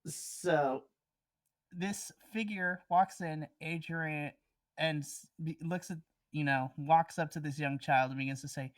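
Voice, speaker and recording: A woman's voice: low voice, steady tone, slow pace. A woman narrating a tabletop role-playing scene as game master in a casual, descriptive way with many fillers.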